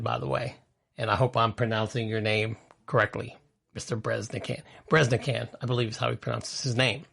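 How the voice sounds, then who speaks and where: Gravelly-voiced man hosting a chatty podcast. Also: medium pitch, a bit bright. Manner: chatty and opinionated, reads out quotes with asides. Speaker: podcast host. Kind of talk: casual entertainment news commentary.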